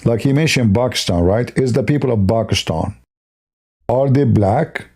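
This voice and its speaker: A man's voice: medium pitch, moderate pace, a little mellow, slightly rough. A man hosting a livestream, talking in broken, non-native English, rambling and sarcastic. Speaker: livestream host. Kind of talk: casual livestream talk.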